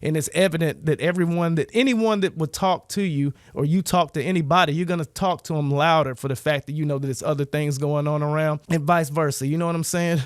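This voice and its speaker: A man vlogger in a casual, emphatic rant that is full of profanity and loose asides. His voice sits fairly high for a man. The recording is dry and close, with little room sound. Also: brisk, hardly any pauses, no room sound. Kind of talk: casual ranting monologue.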